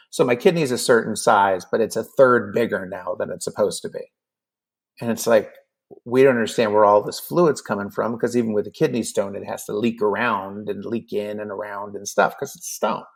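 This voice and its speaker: A man's voice: on the low side, gravelly. A man in his fifties telling a personal story in casual talk, acting out the dialogue with lots of fillers. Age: 50s. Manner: animated, acts out dialogue with many fillers. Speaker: podcast guest.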